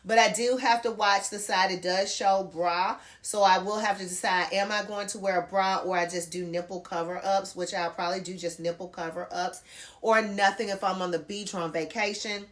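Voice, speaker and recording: A woman's voice: medium pitch, steady tone, moderate pace, fairly bright tone. A middle-aged woman chatting casually through a clothing try-on haul, calling her viewers girl and y'all. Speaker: fashion vlogger. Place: home bedroom near a closet.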